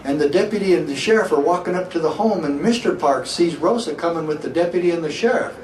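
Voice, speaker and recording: A man's voice: fairly high pitch, quick pace, a little mellow. Man giving a speech in an echoey hall. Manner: storytelling with rhetorical questions to the crowd. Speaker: sheriff giving a public address. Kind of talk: public speech to an audience. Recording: echoey hall from far off, faint hiss.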